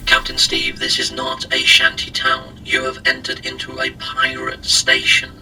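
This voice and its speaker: A man putting on a helpful AI sidekick from a space game, calm and informative, pitched up very high with a wildly swooping melody. It sounds like a little machine companion explaining the rules to its traveller. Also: measured pace, music in the background, heavily acted, poor audio. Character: helpful male AI companion on shoulder.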